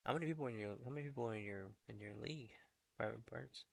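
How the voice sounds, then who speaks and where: A young man streaming a fantasy football update in casual chat, talking low and half-whispered in a hallway indoors. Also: racing, darkish tone. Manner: low, half-whispered talk, chatting with viewers.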